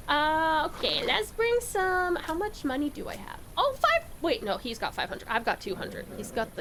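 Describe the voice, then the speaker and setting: Bubbly high-voiced woman streamer. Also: fairly bright tone, a little hiss or hum. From Tasmania, Australia. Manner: bubbly, laughs often, talks to chat. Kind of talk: casual live-stream chat while gaming. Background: faint game music.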